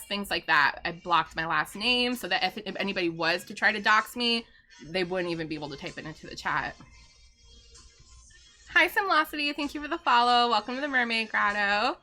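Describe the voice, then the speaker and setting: Bright-voiced chatty woman streamer. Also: medium pitch. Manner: chatty, laughs often, reads and answers chat. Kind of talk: casual live-stream chat.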